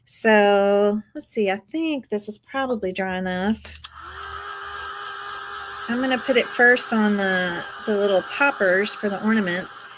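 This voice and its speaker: A woman's voice: medium pitch, a little slow, fairly bright tone, a little hiss or hum, rough recording. Chatty woman hosting a craft tutorial. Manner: chatty, upbeat, addresses viewers as "you guys". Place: craft table indoors.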